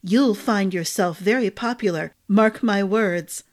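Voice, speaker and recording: A woman's voice: medium pitch, measured pace, natural voice. A woman voicing a gossipy, motherly head cook who talks with emphatic fondness. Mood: fond.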